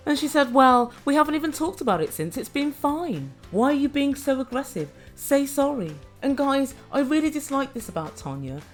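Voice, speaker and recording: A woman's voice: a little high, a little mellow. A woman doing opinionated commentary on a reality show, chatty and judgmental, talking straight to her viewers. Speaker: reality TV recap host.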